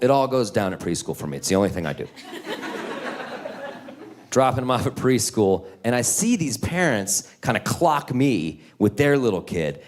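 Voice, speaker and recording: A man in his forties with a lowish voice performs a stand-up comedy set on stage, telling animated, self-deprecating stories.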